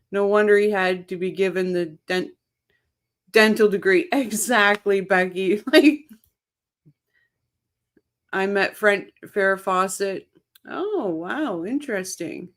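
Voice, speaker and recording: A woman runs a relaxed live commentary stream, her voice at an ordinary mid pitch. She talks slowly, lingering on her words, and breaks into laughter as she reacts to comments from her viewers. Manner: chatty, laughs often, reads viewer comments aloud; excitable. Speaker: livestream host. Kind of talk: casual live-chat commentary.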